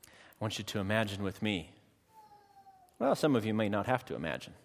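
A man preaching a sermon to a congregation, dramatic, slowing down and changing his loudness for emphasis and acting out short exchanges with his listeners. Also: fairly low pitch, expressive, gravelly. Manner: acts out quick dialogue with the congregation. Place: church hall. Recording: long hall reverb.

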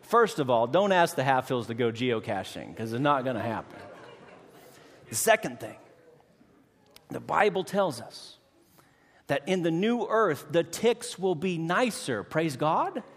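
Storytelling pastor in a reverberant hall. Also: male voice, fairly high pitch, a little slow. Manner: animated storytelling, acts out voices, preachy cadence. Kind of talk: sermon with personal story.

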